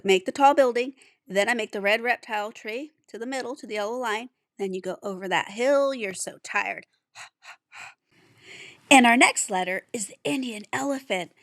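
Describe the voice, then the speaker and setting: A woman teaching young children to write letters, patient and sounding out each letter slowly. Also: mid-range voice, fairly bright tone, no echo, studio quality. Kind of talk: handwriting lesson for young children.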